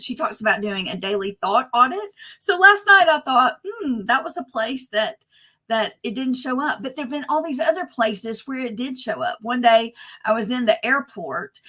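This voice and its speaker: A woman on a conference panel teaching nonviolence, telling personal stories with animated humor. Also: fairly high pitch. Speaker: panel speaker, nonviolence educator. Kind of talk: storytelling on a panel. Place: conference stage.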